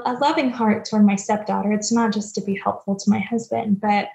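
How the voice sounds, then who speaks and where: A young adult woman speaking as a podcast guest, earnest and reflective, a little self-deprecating about her stepmom experience. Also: on the high side. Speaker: guest, stepmom platform founder. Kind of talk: candid podcast interview. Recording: dull lo-fi remote audio.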